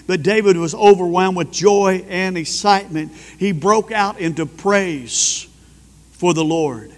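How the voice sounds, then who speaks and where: A man preaching a sermon as pastor, fervent and at times rising to loud praise. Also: sits high, measured pace, big-room sound.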